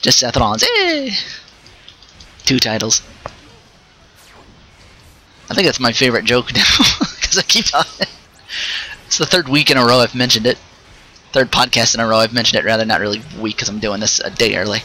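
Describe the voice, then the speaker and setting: A man hosting a casual solo podcast, rambling and restarting his sentences, with quick asides while he plays a game. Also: medium pitch, sing-song, sharp tone, low-quality recording. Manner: rambling, stops and restarts mid-thought; chatty, with short asides while playing a video game. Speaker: podcast host.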